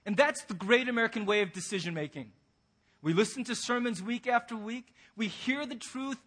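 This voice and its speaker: A man preaching a sermon in a very high, bright, forceful voice with a husky edge. He speaks earnestly as a pastor, pressing his congregation with one pointed question after another. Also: fairly quick.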